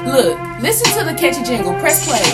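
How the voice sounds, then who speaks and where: A woman's voice: high-pitched, very animated, fairly quick. A woman doing a sassy, exaggerated comic promo for a podcast. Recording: loud hip hop music behind. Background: hip hop music.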